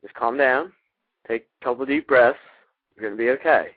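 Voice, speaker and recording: A man's voice: mid-range voice, normal speed, no room sound, phone-quality sound, natural voice. Soothing man, as a host talks himself down. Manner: soothing, calming reassurance.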